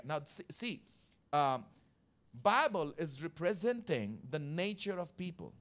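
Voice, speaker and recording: A man's voice: a little high, big pitch swings, unhurried, a bit bright. A man preaching a Sunday sermon as pastor, emphatic and repetitive, calling out to the congregation and working through scripture verse by verse. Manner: emphatic, repeats key phrases, calls for congregation response.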